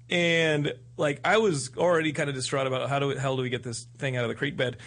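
A man's voice: medium pitch, fairly even intonation, quick pace, hardly any pauses, a bit bright. A man from Texas hosting a casual interview, joking and rambling through stories with many restarts. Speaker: host.

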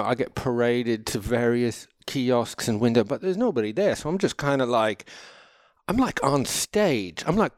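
A man's voice: medium pitch, no echo, clean studio sound. Rambling, profane storytelling man. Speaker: host. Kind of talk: casual storytelling monologue.

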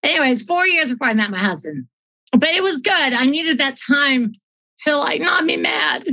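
A woman's voice: sits high, lively intonation, normal speed, bright, forceful tone. A middle-aged woman from the United States telling a heartfelt personal faith story in a chatty way, often close to tears. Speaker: guest. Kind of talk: emotional personal testimony. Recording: dull lo-fi audio.

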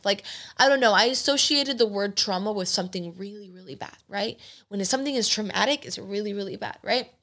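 A woman's voice: mid-range voice, fairly quick, a bit bright. A woman in her late twenties hosting a podcast, talking candidly and with emotion, swearing casually. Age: 20s. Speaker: podcast host. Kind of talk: candid personal talk.

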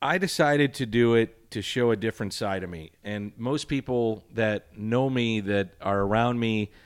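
A middle-aged sports broadcaster answers an interviewer's questions in a loose, rambling manner with a dry, sarcastic edge. His smooth voice sits fairly low and moves at a moderate pace. The recording is dry and close, with no echo.

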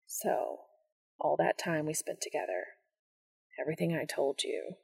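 A woman voicing a shy, tender young man in love, speaking softly and low in a hushed voice. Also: moderate pace, gravelly, breathy edge, full character voice.

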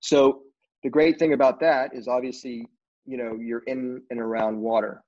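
A man's voice: mid-range voice, flat delivery, moderate pace, a little mellow. Rambling middle-aged man telling stories. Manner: rambling, heavy on fillers like "you know". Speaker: film crew guest. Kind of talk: casual anecdotal storytelling. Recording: dull lo-fi recording.

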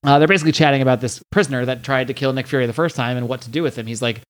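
On his podcast, a man with a medium-pitched voice speeds through a relaxed recap of a comic, speaking very fast. Fillers and restarts crop up constantly, and he reads the dialogue out loud.

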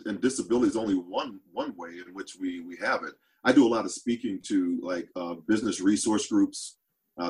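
Earnest, low-voiced man as a podcast guest. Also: poor audio. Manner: earnest, repeats words while thinking aloud. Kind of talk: reflective interview talk.

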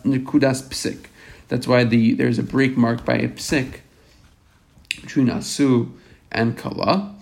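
Male Torah teacher, gravelly voice, mid pitch, reads Hebrew and translates with halting restarts. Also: darkish tone. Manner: halting, repeats and self-corrects. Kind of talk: reading Hebrew text aloud and translating line by line.

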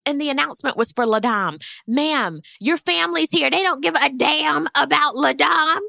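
A woman's voice: sits high, normal speed, creaky, bright, forceful tone, no echo, clean studio sound. A woman hosting a casual, sassy recap of a reality show, gossiping with laughing asides.

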